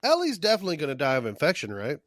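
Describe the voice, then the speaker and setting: A man's voice: a little high, huge pitch swings, very fast, a bit bright, no room sound. A man co-hosting a podcast in casual chat, loose and profane, often laughing. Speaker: podcast co-host.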